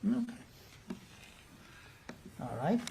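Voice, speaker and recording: A man's voice: high-pitched, big pitch swings, extremely slow, vocal fry, mellow. A man working as a defense attorney, cross-examining a witness in a courtroom with pressing, leading questions.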